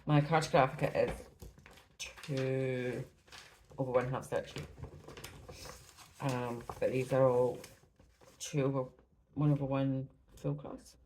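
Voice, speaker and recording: Speaking slowly and pausing often, a Scottish cross-stitch vlogger chats at home about her stitching, rambling, apologizing frequently and a bit out of breath. Her rumbling low voice is slightly mellow with fairly even intonation. The recording is poor, with a little hiss or hum.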